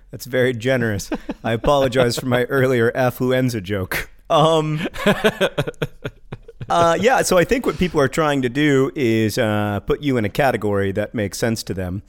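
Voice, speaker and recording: A man co-hosts a podcast with wry, dry humor, steering the chat from one topic to the next. His voice sits in an ordinary middle pitch, with fillers between his points. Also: lively intonation, normal speed. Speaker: podcast co-host.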